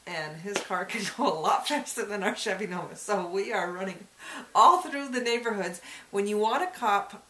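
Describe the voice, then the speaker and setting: A woman in casual conversation recounts a story for a folklore interview. She keeps breaking into small chuckles as she tells it. Her voice sits in a middle pitch and carries a noticeable room echo. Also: expressive, normal speed, a bit bright. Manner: chuckles often while telling. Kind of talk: casual personal anecdote. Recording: echoey room.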